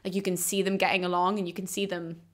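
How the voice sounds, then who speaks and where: A woman's voice: lowish voice, little pitch movement, fast talker, a bit bright. A young woman, chatting casually and enthusiastically about a book series, full of asides and strong opinions. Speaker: book reviewer. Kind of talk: casual chat.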